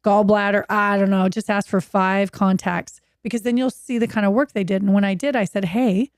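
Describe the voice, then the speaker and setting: A woman's voice: mid-range voice, brisk, no room sound, clean studio sound. A woman in her fifties from Oregon, a podcast guest telling her own story candidly on a video call and acting out quoted voices. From Oregon, USA. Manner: animated, acts out quoted voices.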